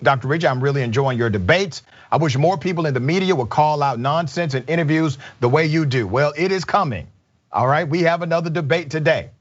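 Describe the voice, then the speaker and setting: A man hosting a live online talk show, reading viewer comments with energetic, emphatic, repetitive delivery. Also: on the high side, highs cut off. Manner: energetic, emphatic, repeats himself. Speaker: show host.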